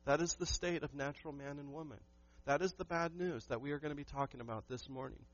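A man's voice: on the high side, fast, highs cut off. A man preaching a sermon to his church, emphatic and asking the congregation questions. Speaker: pastor.

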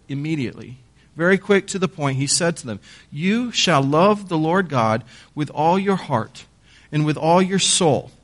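A man delivering a Sunday sermon in a slightly high voice. He reads scripture aloud, then explains it to the church, leaning on key words with pauses and now and then repeating a word as he goes. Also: a bit bright. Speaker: pastor.

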